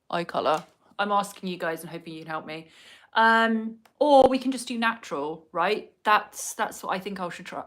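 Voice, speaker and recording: A woman's voice: mid-range voice, fairly bright tone. A woman chatting casually to viewers at home as she does her makeup, rambling from one thing to the next. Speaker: vlogger. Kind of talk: casual get-ready-with-me chat. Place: at home indoors.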